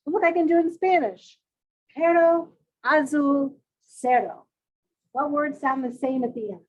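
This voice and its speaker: A woman's voice: sits high, phone-quality sound. A woman presenting a parent workshop on early reading, leading the audience through call-and-response sound drills.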